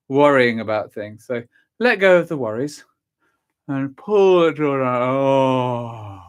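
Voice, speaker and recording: A cheerful man leading a vocal warm-up lesson, counting through the exercises and encouraging the listener, a little stuffy from a cold. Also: a little high. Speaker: singing and vocal warm-up teacher.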